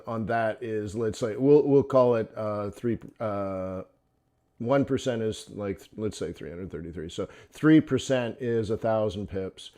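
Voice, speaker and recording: A man's voice: medium pitch, darkish tone, clear, resonant tone. A man hosting a live forex trading stream, talking casually, laughing often between loose, rambling thoughts. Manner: chatty, laughs often, fillers and restarts.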